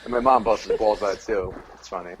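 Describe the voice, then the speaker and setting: A man from Central New Jersey, a comedian guest on a podcast, telling animated, profane stories in casual chat. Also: on the low side, fast, background noise.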